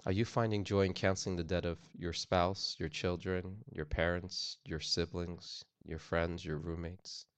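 A man delivers a sermon in a low, deep voice, earnest and conversational, repeating and restarting phrases. The sound is dry, with little room in it. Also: level tone, unhurried, hardly any pauses, smooth, no echo. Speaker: pastor. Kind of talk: sermon on forgiveness.

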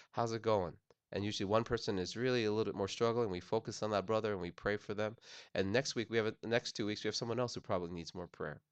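Deep-voiced man preaching, dry sound. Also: clear, resonant tone, no room sound. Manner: earnest, repeats phrases with restarts. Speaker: pastor. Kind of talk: sermon on forgiveness.

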